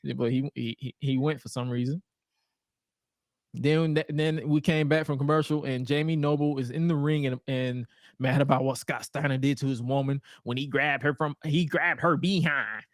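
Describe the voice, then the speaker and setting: A man's voice: mid-range voice, normal speed, no room sound, clean studio sound. A man co-hosting a podcast, recapping old wrestling shows in casual chat and acting out the wrestlers' lines in playful voices. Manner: animated storytelling with playful put-on quotes. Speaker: podcast co-host.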